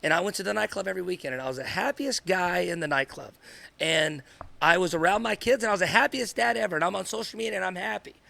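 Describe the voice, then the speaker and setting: A man's voice: sits high, fast talker, gravelly, sharp tone. A man co-hosting a podcast, speaking earnestly and in a rambling way, often repeating himself. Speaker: podcast co-host, father. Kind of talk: candid podcast conversation.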